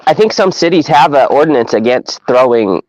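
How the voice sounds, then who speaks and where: A man chiming into a casual live stream chat with quick quips. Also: medium pitch, expressive, muffled recording, crowd noise.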